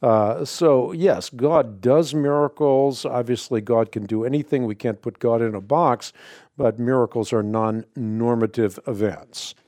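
A man hosting a call-in radio show, explaining scripture to callers in a measured, authoritative way. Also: medium pitch, a little mellow, dry recording, clean studio sound. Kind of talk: call-in Bible answer radio.

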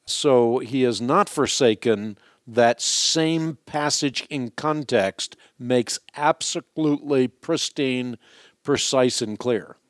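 Male call-in host, mid-pitched, measured and lecturing, dry studio sound. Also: no echo. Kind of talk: radio call-in answer.

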